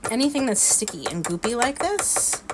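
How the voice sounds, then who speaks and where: A middle-aged woman who hosts a cooking vlog chats in a folksy way and laughs while demonstrating a recipe in her home kitchen. Her voice is a little high with big pitch swings at a normal speed, and there's loud background noise.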